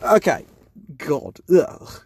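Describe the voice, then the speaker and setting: A podcast host chatting casually and swearing freely while taking requests from listeners. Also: drawn-out words. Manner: profane, self-mocking.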